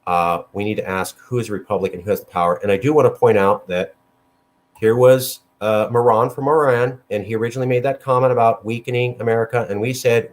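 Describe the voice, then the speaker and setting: Male movement leader, passionate speaker, emphatic and repetitive. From California. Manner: emphatic, repetitive, pitch jumping high when worked up. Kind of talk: impassioned argument.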